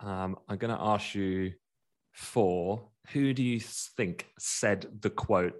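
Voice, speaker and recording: A man hosting a casual market chat, talking quickly and laughing as he goes. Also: on the low side. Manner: chatty, laughs while talking, quick asides. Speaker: market commentator.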